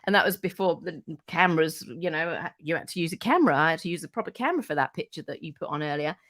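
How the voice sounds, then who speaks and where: Animated woman telling stories. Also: low-pitched, fast talker. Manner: animated, acts out quoted voices, swears freely. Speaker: radio presenter, podcast guest. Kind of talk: casual anecdote telling.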